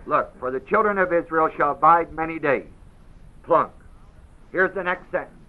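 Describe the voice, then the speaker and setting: A man's voice: on the high side, animated, moderate pace, highs cut off. A man teaching a Bible class. He reads verses with heavy emphasis and keeps putting questions to his listeners.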